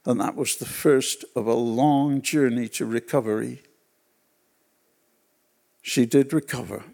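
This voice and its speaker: A man preaching a sermon at a church gathering, telling personal stories in an unhurried way and repeating phrases for weight. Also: medium pitch, gravelly, darkish tone. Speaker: pastor.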